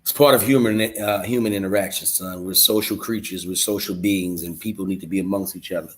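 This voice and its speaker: A man's voice: sits low, steady tone, brisk. Young guy running a livestream, slangy and joking, loose casual chat. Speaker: livestream host.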